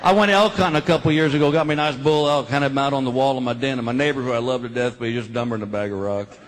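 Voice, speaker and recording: On a live comedy stage, a middle-aged man tells folksy stories in a stand-up routine, building each to a punchline. His medium-pitched voice is rapid-fire, and the live recording carries crowd laughter in the background.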